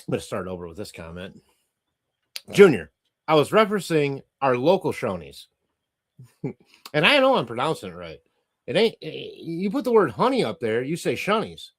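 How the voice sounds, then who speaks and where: A man's voice: mid-range voice, wildly swooping pitch, fairly quick, a bit bright. A middle-aged man hosting a livestream, reading chat comments aloud and ranting casually with profanity and frequent laughter.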